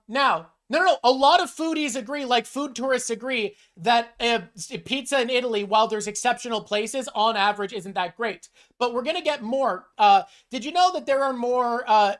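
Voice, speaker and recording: A woman's voice: on the high side, normal speed. Ranting, emphatic woman streamer. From North America. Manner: emphatic, ranting, swears often. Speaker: streamer host. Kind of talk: casual chat reacting to chat.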